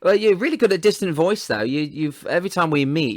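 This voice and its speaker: A man's voice: fairly high pitch, expressive, brisk, no room sound, clean studio sound. A man hosting an interview, laughing often and prompting his guest with encouraging questions. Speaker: podcast host interviewer. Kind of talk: friendly interview chat.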